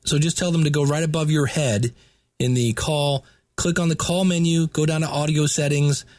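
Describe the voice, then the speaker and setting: A man's voice: fairly high pitch, fairly even intonation, moderate pace, a little mellow, dry recording. A man hosting a podcast, explaining setup tips in a chatty, casual way. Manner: chatty, explanatory, with filler words. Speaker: podcast host.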